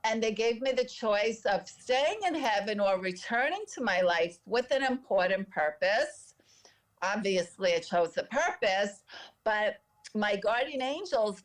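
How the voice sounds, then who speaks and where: A woman's voice: mid-range voice, animated, unhurried. A woman guest telling a personal story in an interview, in an earnest, emotional way, acting out the voices of the people she quotes. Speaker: podcast guest.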